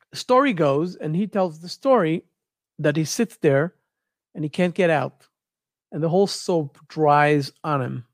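High-voiced man retelling a story. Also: no room sound, clean studio sound. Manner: searches for words, repeats phrases, animated retelling. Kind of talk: casual storytelling.

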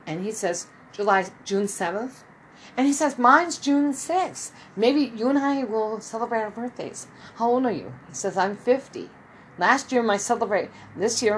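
Woman in her 50s telling a long story, does little voices for everyone, bit of hiss behind her. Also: rough recording. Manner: rambling, acts out quoted dialogue with shifting pitch. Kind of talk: casual spoken storytelling.

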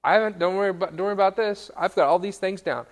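A man's voice: high-pitched, rapid-fire, pitched above the performer's own voice, lightly acted, low-quality recording. A man voicing an eager, boastful young rich man who is sure he has done everything right. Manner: eager, self-assured bragging.

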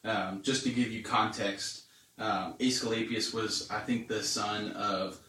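A man talking through a Bible passage in casual conversation, earnest and halting, with many fillers. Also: lowish voice, steady tone, sharp tone, recorded from a distance, a little hiss or hum. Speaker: Bible study co-host. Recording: echoey room, away from the mic.

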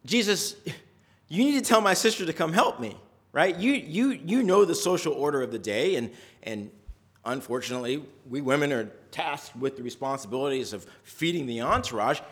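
A man voicing a fretful woman who is busy hosting a meal, pleading in a high, strained, exasperated voice. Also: expressive, moderate pace, a bit bright.

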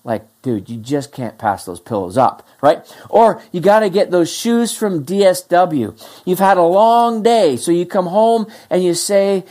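A pastor preaching a sermon in a conversational, animated way, acting out what listeners think and swinging between emphatic rises and quiet low asides. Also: measured pace. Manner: conversational, animated, acts out listeners' inner voices.

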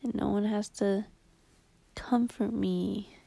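A young woman rambling in a low-key, confessional vlog, swearing bluntly and often dropping to a whisper. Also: steady tone, slow pace, creaky, warm tone.

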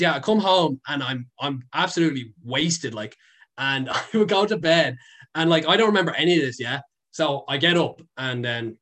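A young man with an Irish accent talks in a loose, rambling way, full of fillers and casual swearing. His voice sits a little high for a man, and he tells stories like he is chatting with a mate. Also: fairly bright tone. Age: young adult. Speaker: guest, content creator. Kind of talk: casual storytelling.

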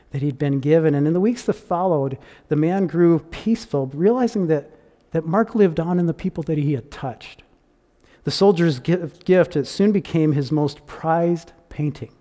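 A man telling a story in a sermon, restarting phrases often and dropping to hushed tones. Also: on the high side. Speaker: pastor. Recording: long reverb of a large hall.

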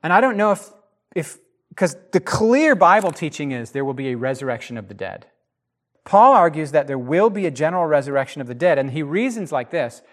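Man, fairly high voice, emphatic Bible teacher, casual podcast chat. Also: brisk. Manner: animated and emphatic, with frequent restarts.

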